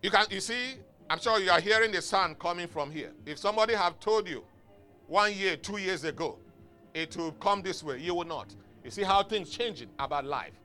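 High, bright-voiced emphatic male pastor. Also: lively intonation, normal speed. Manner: emphatic, exhorting, calls for congregation responses. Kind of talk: sermon. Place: church. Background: faint music from outside.

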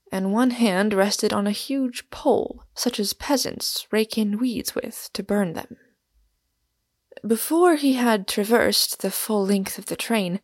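Lady reading an audiobook, steady and measured, gravelly voice, dry close mic. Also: medium pitch, no echo. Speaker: audiobook narrator. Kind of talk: scripted narration.

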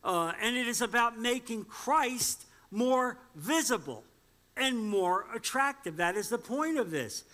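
Male pastor, high bright voice, slow deliberate sermon delivery, emphatic. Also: lively intonation. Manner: emphatic, repeats points and asks the congregation questions; quotes scripture aloud.

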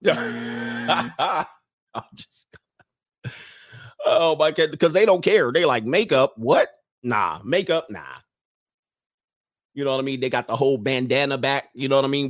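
A man's voice: mid-range voice, no room sound, studio quality. A man hosting a livestream who goes on a casual, joking rant, laughs often, talks in loose slang and reads out viewer comments. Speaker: livestream host addressed as Coach.

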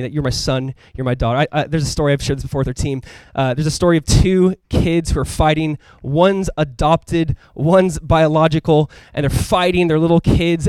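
A man preaches a sermon in a loose, conversational style, peppered with asides and bursts of emphasis. His voice sits a bit high, and he talks quickly. The sound is close and dry. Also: no room sound. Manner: animated, emphatic delivery. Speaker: pastor.

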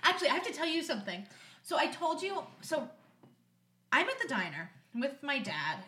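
A young woman co-hosts a casual podcast, telling a story in a high, bright, animated voice. She acts out the people in her story and laughs often. The room sounds roomy and echoey. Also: normal speed. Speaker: podcast co-host.

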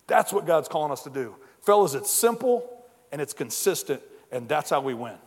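A man preaching a sermon at a men's breakfast, energetic and exhorting, often repeating words as he starts a phrase. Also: a little high, in a large hall.

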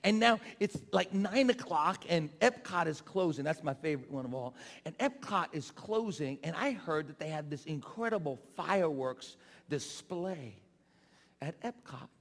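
Animated pastor in a reverberant hall. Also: male voice, on the high side, normal speed, creaky. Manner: animated storytelling with shouted quotes. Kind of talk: sermon with a personal story.

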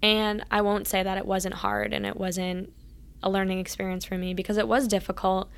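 A woman with a mid-range, clear, resonant voice and some vocal fry speaks at a moderate pace with little pitch movement. As an interview guest, she earnestly tells casual stories about being a college athlete, often acting out past conversations.

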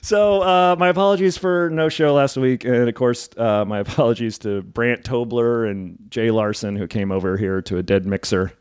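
A man's voice: mid-range voice, fairly even intonation, moderate pace, few pauses, darkish tone, clean tone, no echo, clean studio sound. A man hosting a comedy podcast in a rambling, chatty way, with lots of fillers and laughs. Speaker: podcast host. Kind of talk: casual chat.

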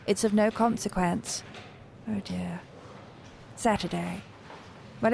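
A woman's voice: mid-range voice, creaky, darkish tone, slight background noise. A genteel housewife in a prim, breathless manner, reading her comic diary aloud and playing out her own encounters. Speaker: diarist narrating her day. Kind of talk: comic diary narration and acted scene.

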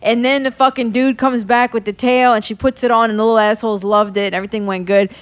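A woman podcast co-host casually recapping a show, profane and animated, acting out quotes as she tells it. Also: fairly high pitch, fast talker, clean tone, dry recording.

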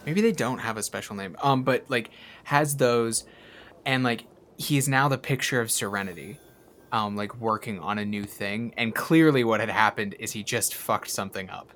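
A man's voice: fairly low pitch, normal speed, fairly bright tone, slight background noise. A man narrating as game master in a tabletop game, rambling casually with many fillers.

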